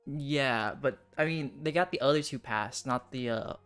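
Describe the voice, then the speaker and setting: A man's voice: mid-range voice, normal speed, a bit bright, clear, resonant tone. A male streamer hosting a game session, moving between casual chatter and reading story text aloud. He tosses in dry asides and laughs often, with faint music underneath.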